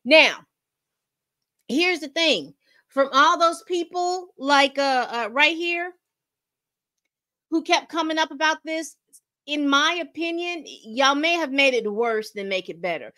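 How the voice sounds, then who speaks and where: A woman hosts a casual commentary video, speaking straight to her viewers. Her voice sits a little high, and she talks in a chatty way, circling back and repeating words as she goes. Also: expressive, slow, long pauses, sharp tone. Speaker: commentary channel host.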